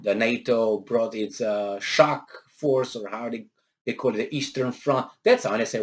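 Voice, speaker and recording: Sarcastic male commentator, argumentative. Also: measured pace. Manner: argumentative, rhetorical questions, sarcastic asides; pitch jumps when emphatic, frequent uh and um. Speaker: political commentator. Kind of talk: reading and commenting on a news article.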